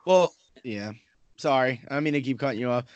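Chatting casually about hockey on a podcast, an Islanders fan speaks briskly with a medium-pitched voice and lively intonation. He rambles and swears, with frequent fillers and restarts. There's no room sound.

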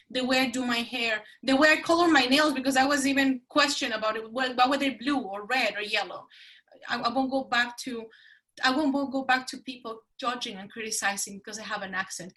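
A middle-aged woman speaks as a podcast guest, her voice pitched a little high and very bright. She tells her story with animated, emphatic energy. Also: far from the mic, low-quality recording. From Mexico. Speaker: guest, business consultant. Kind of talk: casual interview talk.

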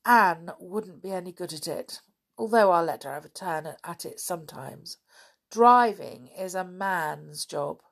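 A woman's voice: lowish voice, measured pace, gravelly. A woman reading a storybook aloud, voicing a bossy, boastful tomboy girl.

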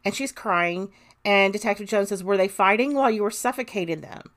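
A woman's voice: medium pitch, a little fast, a bit bright. A woman hosting a true crime podcast, reading an interrogation transcript aloud and adding her own comments. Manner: reads quoted interrogation lines plainly, adds commentary. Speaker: podcast host.

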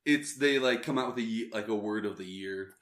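A man's voice: lowish voice, fairly quick, fairly bright tone. Laid-back man with a roomy echo. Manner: laid-back, laughs often. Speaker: podcast co-host. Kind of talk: casual chat.

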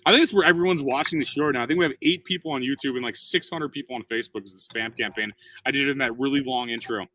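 A man in his thirties, a comedian co-hosting a podcast, bantering quickly with lots of profanity and restarts. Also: medium pitch, bright, forceful tone, a little hiss or hum. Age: 30s. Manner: rapid, profane, joking banter with many restarts. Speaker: comedian co-host. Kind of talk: casual podcast chat.

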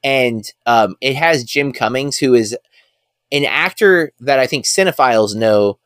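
An unhurried man with a medium-pitched, slightly bright voice is heard in a studio recording with no echo. Co-hosting a podcast, he chats casually and rambles with many fillers, clearly enthusiastic about films.

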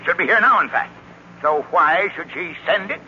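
A man's voice: fairly high pitch, lively intonation, normal speed, pushed and bright, slight background noise. A crusty, suspicious old man. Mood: grumpy. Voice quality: crusty, curt, blunt. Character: gruff, suspicious older man, hunted and irritable. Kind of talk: 1940s radio drama acting. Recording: dull lo-fi old radio recording.

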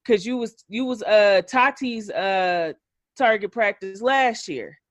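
A woman's voice: mid-range voice, slow pace, dry recording, soft background music. A woman hosting a podcast, giving a blunt, profane, opinionated recap in casual chat. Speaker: podcast host.

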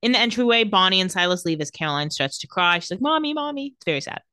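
Animated woman recapping a show. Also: lowish voice, quick pace, clear, resonant tone, no room sound, clean studio sound. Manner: animated storytelling, quoting characters. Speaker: podcast co-host recapping a TV episode. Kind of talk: casual recap chat.

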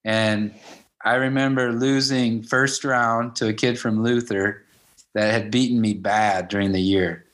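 Man, 50s, wrestling coach, casual interview, storytelling, acts out quotes, somewhat low voice. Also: fairly even intonation, measured pace, a bit bright. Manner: anecdotal, acts out quoted dialogue with "I'm like". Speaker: high school wrestling coach.

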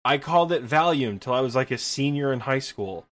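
A man's voice: medium pitch, expressive, a bit bright. Midwestern man, twenties, casual self-deprecating podcast co-host. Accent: Midwestern Michigan. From Michigan, US. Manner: rambling, self-deprecating, quick laughs. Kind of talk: casual gaming podcast chat. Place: apartment.

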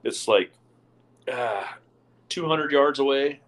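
A man's voice: mid-range voice, slow, rough recording. A man, a podcast co-host, telling a crude golf story to friends, laughing and swearing as he goes. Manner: crude, laughing, animated anecdote with heavy swearing. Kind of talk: casual storytelling among friends.

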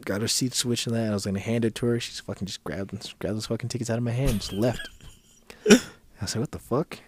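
A man's voice: medium pitch, fairly even intonation, fast talker, noisy background. A man co-hosting a podcast, telling a story in casual profane chat and acting out the people he quotes in a raised voice. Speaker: podcast co-host.

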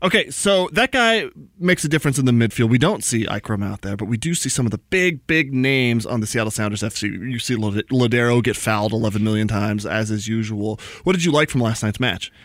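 A man hosting a casual soccer podcast, talking in a joking, animated, rambling way. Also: mid-range voice, a little fast, few pauses, no echo, clean studio sound. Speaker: podcast host. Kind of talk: casual sports chat. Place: small studio room.

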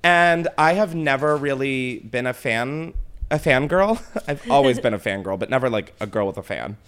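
A man's voice: mid-range voice, normal speed, clear, resonant tone. A man hosting a casual chat, telling a story with lots of swearing and laughter. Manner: animated storyteller, swears freely, laughs often. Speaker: podcast host.

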